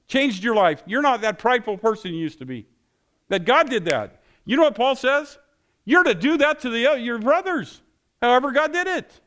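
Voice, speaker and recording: Fervent male pastor preaching. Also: normal speed. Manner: passionate, rising loud and high when excited. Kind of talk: sermon and closing prayer.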